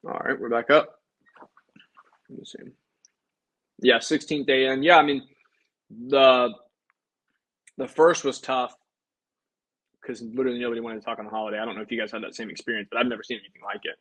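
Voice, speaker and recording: A man's voice: medium pitch, steady tone, brisk, long pauses, a bit bright, rough recording. Breezy young-sounding salesman chatting on a livestream. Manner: breezy, upbeat, chatty with viewers. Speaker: life insurance agent. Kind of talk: casual livestream talk while making sales calls.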